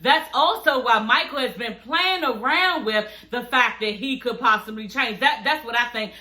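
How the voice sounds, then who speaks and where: A woman's voice: fairly high pitch, moderate pace, bright, forceful tone. A woman YouTuber recapping a reality show in a sassy, blunt, profane chat, laughing often. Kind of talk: casual chat. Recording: echoey room.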